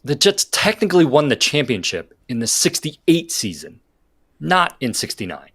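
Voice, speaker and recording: A man working as the show's producer, giving deadpan, pedantic corrections. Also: a little high, moderate pace, husky. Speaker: show producer.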